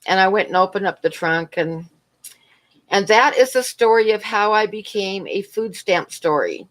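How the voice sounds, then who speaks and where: A woman's voice: medium pitch, lively intonation, moderate pace. A middle-aged woman rambling through a story on her livestream and answering chat in between. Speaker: livestream host.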